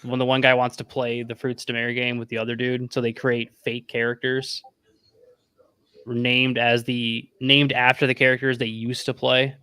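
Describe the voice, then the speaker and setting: A man's voice: medium pitch, monotone, moderate pace, bright, forceful tone, clean tone, no echo. A man co-hosting a casual anime review podcast, rambling with lots of fillers and restarts as he sums up episodes. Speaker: podcast co-host.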